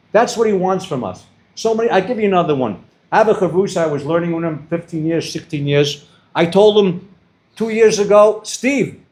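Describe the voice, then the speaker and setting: Animated older man telling stories. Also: sits high. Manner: animated, acts out dialogue in his stories. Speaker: guest speaker. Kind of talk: storytelling address to students. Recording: roomy hall echo.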